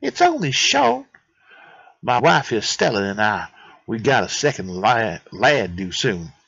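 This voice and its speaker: A man's voice: mid-range voice, expressive, fairly quick, pushed and bright. A man voicing a boisterous, rambling male character who won't stop telling stories. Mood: boastful. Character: chatty male mountain-town friend, pushy storyteller. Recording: dull dry lo-fi mic.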